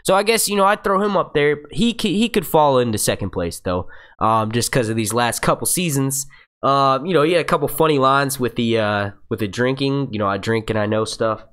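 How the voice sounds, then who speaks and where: A man's voice: mid-range voice, expressive, brisk, fairly bright tone. A man hosting a casual live Q&A from his computer, rambling and restarting his sentences and swearing freely. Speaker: YouTube show host. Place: seated at a computer. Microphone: computer microphone.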